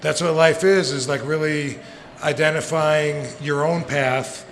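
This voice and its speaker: On a live podcast, a forties-aged guest talks in an unhurried, steady way, his pitch fairly high. His stories ramble, swearing and laughter come often, and the recording carries long reverb with faint noise from the venue.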